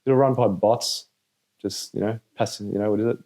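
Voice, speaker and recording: A man's voice: on the low side, fairly even intonation, fairly quick, dark tone. A man co-hosting a casual podcast chat, explaining his ideas at length. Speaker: podcast co-host.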